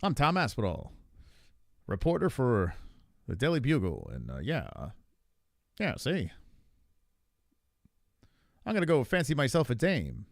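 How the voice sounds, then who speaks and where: A man's voice: medium pitch, huge pitch swings, measured pace, long pauses, dry recording, clean studio sound. A man doing a mock impression in a clipped, old-fashioned transatlantic gangster-broadcaster voice that keeps saying "see". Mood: mock-tough.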